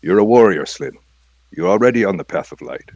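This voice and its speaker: A man voicing a fastidious, calm male mystic inspector who speaks in a measured, formal way. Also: fairly low pitch, dry recording, voice pushed up. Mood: earnest. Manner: measured, formal, gently wise.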